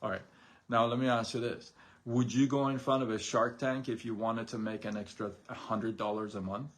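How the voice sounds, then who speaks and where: A man's voice: medium pitch, steady tone, moderate pace. A man giving a chatty motivational talk. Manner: conversational, rhetorical questions, acts out imagined quotes. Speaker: host of a daily live stream on side gigs. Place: live stream.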